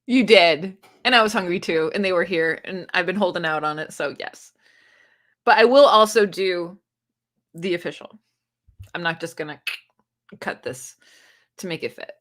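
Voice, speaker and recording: A woman's voice: on the low side, moderate pace, long pauses, fairly bright tone. A woman hosting a casual live stream, reading viewers' comments aloud and chatting with them, laughing often. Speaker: booktube live-stream host.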